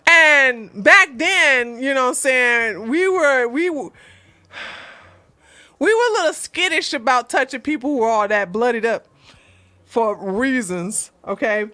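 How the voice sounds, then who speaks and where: A middle-aged woman with a high, bright, sharp voice tells a story in a casual, animated way. The sound is close and dry, with no room around her. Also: a little slow, no room sound. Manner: animated, laughing, with loud outbursts while retelling. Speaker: channel host recounting police work.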